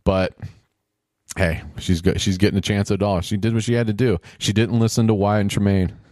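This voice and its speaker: A man with a somewhat low voice riffs through casual play-by-play of a game show. He rambles and throws in sarcastic wisecracks. The sound is close and dry, with no room echo. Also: steady tone, brisk, a little mellow. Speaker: show commentator.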